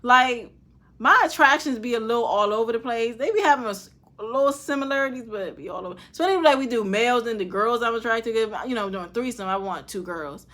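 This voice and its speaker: A young woman vlogger speaking, answering viewer questions in casual, candid, profane chat that drops soft and quiet at tender moments. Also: fairly high pitch, lively intonation, brisk.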